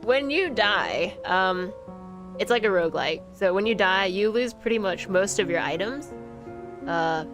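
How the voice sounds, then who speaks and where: A woman streaming a horror game, chatting casually and laughing often as she plays. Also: medium pitch. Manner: chatty, giggly, rambling with many fillers. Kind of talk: casual gameplay commentary. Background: game music.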